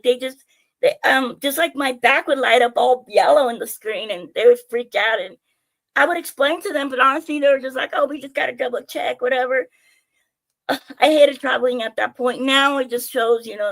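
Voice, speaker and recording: A young woman streaming live, telling her own stories in an animated, chatty way with plenty of swearing and jokes at her own expense. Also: a little high, moderate pace, creaky. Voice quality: animated, chatty, swears freely, self-mocking. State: out of breath. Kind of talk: casual storytelling to viewers.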